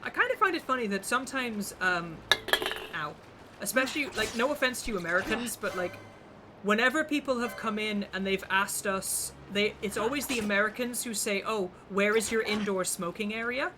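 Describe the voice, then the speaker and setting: A man's voice: high voice, animated, fairly quick, noisy background. A young man from the UK, chatting casually and bluntly while streaming a game, rambling and swearing freely. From United Kingdom. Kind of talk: casual chat while gaming. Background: game music.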